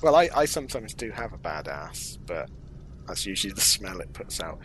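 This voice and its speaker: A man's voice: low voice, very animated, moderate pace, fairly bright tone. Co-host: English man, casual rambling chat, jokes at his own expense, faint hiss behind. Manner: rambling, self-deprecating, jokey. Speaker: podcast co-host.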